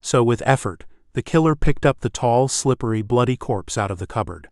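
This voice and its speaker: A man reading an audiobook in scripted narration, steady and measured. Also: medium pitch, no room sound, studio quality.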